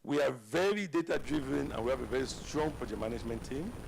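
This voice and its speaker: A man's voice: medium pitch, quick pace, creaky, breathy edge. A man giving a live conference presentation, engaging the audience with questions. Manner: animated, asks the audience questions. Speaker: conference speaker.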